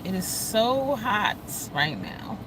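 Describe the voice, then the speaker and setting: A middle-aged woman ranting to her livestream, blunt and unfiltered, her speech salted with profanity. She keeps breaking off to greet viewers by name as they join. Her voice sits in an ordinary middle pitch, with a faint hum of noise behind her. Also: sing-song, slow pace. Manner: blunt, profane, heated storytelling. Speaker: livestream host. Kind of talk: casual livestream rant.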